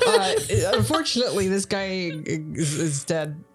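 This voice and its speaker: A woman's voice: mid-range voice, very animated, a little slow, husky, soft background music. A woman playing her character in a tabletop game, talking in a casual, chatty way. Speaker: player.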